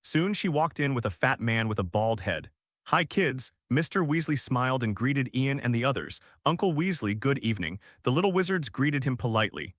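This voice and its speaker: A man reads a fan-fiction story in a steady, even storytelling manner. His voice sits in the middle range. The sound is dry and close. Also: medium pitch, brisk, few pauses, no echo. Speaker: narrator. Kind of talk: reading fan fiction aloud.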